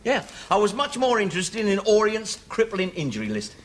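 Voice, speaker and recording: A man's voice: sits high, sing-song, brisk. An actor playing a sardonic man in his forties, an ex-convict father who banters cheekily. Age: 40s. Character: wry 45-year-old male ex-convict dad. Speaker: sitcom character. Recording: noisy TV sitcom audio.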